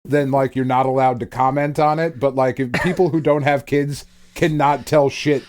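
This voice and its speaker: A man's voice: medium pitch, fairly even intonation, moderate pace, a little mellow. A man hosting a casual podcast, rambling and swearing with frequent laughs. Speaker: podcast host.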